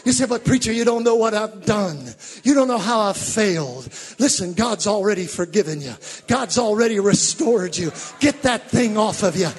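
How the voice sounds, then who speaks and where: A male preacher giving a fervent sermon, rising from teaching to shouted exhortations. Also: sits high, lively intonation, normal speed, long reverb tail.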